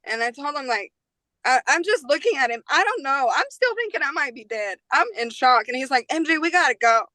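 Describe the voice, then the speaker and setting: A woman's voice: high voice, very animated, a little fast, bright, forceful tone, dry recording, rough recording. A woman in her twenties, a podcast guest, tells a personal story in a casual, slangy way, acting out other people's lines.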